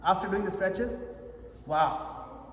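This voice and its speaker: A man's voice: high voice, takes it slowly. Man teaching in an echoey hall. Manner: coaching, checks in with listeners often. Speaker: japa retreat teacher. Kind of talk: meditation workshop instruction. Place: retreat hall. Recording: echoey hall with long reverb.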